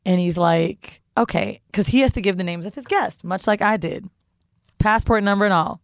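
A young adult woman co-hosting a podcast, telling a profane story in animated casual chat. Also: medium pitch, normal speed, no echo, studio quality. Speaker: podcast co-host.

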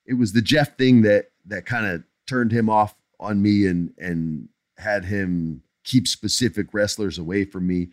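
A man's voice: on the low side, dry recording, clean studio sound. A middle-aged man hosting a podcast, answering listener questions in blunt, emphatic casual chat that drifts into jokes.

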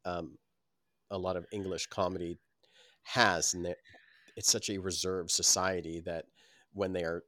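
A man's voice: low voice, little pitch movement, unhurried, pauses often, pushed and bright, dry recording, studio quality. A man co-hosting a podcast, talking casually in a rambling, thoughtful way. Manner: rambling, thoughtful with many fillers. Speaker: podcast co-host. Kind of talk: casual chat.

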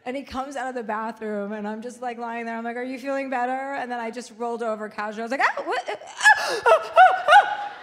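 A woman in casual chat telling a story with lively, laugh-filled delivery, acting out the people she quotes. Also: fast, few pauses, big-room sound. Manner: animated, acts out quotes with big pitch jumps and laughter. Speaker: guest.

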